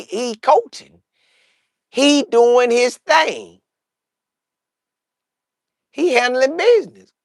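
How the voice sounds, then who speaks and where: A man's voice: extremely high pitch, no echo, clean studio sound, voice pushed up, heavily acted. A man doing a laid-back young quarterback.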